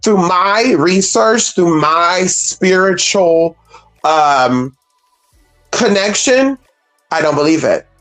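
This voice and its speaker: A casual, animated livestream host talks to viewers about spirituality with a blunt, salty edge. The pitch leaps up for exclamations and drops low for wry asides. Faint music plays underneath. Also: slow. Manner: salty and blunt, swears freely.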